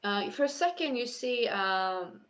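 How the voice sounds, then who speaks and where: A woman narrating a tabletop game as game master, describing scenes slowly with many fillers and restarts. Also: fairly high pitch, animated, a bit bright. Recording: dull lo-fi sound.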